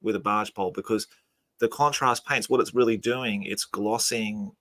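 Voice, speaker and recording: A man's voice: fairly low pitch, steady tone, moderate pace, pushed and bright. A man hosting a casual hobby chat, giving easygoing, rambling explanations. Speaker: channel host. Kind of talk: casual hobby chat over video call.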